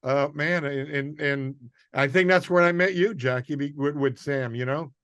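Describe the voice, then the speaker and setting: A man's voice: a little high, normal speed, smooth, no room sound, highs cut off. A man from New York, a guest comedian, telling a story in casual chat and acting out the quotes. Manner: animated storyteller, acts out quotes, laughs mid-story.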